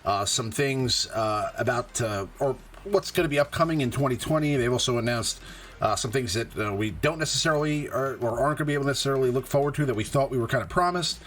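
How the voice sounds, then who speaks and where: A man's voice: mid-range voice, fast talker, a bit bright. A man hosting a casual live stream about a mobile game, laid-back and chatty, full of "uh"s and easy laughs. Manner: laid-back, many fillers and self-amused laughs. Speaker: host.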